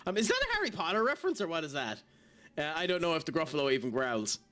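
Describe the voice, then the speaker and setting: Streaming a game with faint music behind him, this young man talks fast in a slightly high voice that swings widely in pitch and sounds pushed and bright. He keeps up a chatty, self-mocking stream of commentary packed with fillers.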